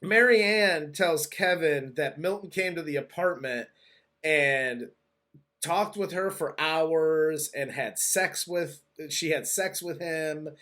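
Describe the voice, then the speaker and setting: Male co-host, slightly higher voice, loose rambling recap style. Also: slow, bright, forceful tone. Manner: rambling, loose recap with frequent restarts and laughs. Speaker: podcast co-host. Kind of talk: casual movie review chat.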